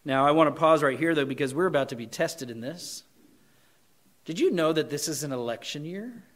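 A man preaching a sermon as pastor, swinging between loud, emphatic points and quiet, earnest appeals to his listeners. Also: fairly high pitch, lively intonation, brisk.

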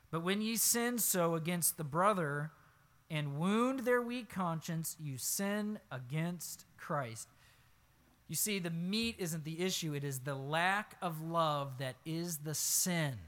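Speaking as a pastor, a man reads a passage of scripture and then explains it in an expository sermon, alternating hushed side remarks with loud bursts of emphasis.

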